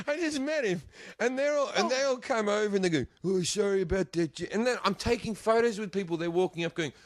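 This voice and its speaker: A man's voice: sits high, a little fast, hardly any pauses, dry recording. A man in his forties with an Australian accent, a comedian telling a crude, sweary story in a casual podcast chat. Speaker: comedian guest.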